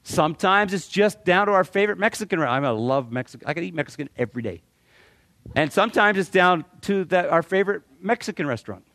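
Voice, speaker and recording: A middle-aged man from Canada giving a talk to a live audience, animated and joking, often repeating words as he restarts. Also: high voice, fast talker, no room sound. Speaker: motivational speaker.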